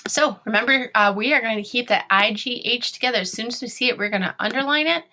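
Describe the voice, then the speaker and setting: A woman teacher giving an online phonics lesson to young children, sounding out words slowly and cheering them on. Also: on the high side, bright, forceful tone.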